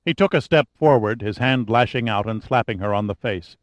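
A man reading a novel aloud in steady, measured scripted narration. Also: fairly low pitch, no room sound. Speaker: audiobook narrator. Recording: dry, slightly dull audiobook recording.

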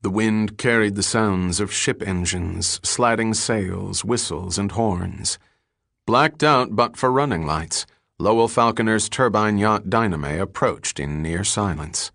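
A man narrating an audiobook in an even, steady storytelling manner. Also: fairly low pitch, slow pace, creaky, no room sound, studio quality. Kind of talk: scripted narration.

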